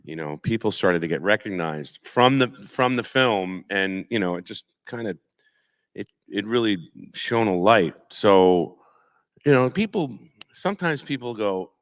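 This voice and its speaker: A man, a voice actor, chatting casually on a convention panel, telling animated stories and dropping into impressions. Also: on the low side, measured pace. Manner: animated storyteller, slips into impressions. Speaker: voice actor guest. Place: convention auditorium stage.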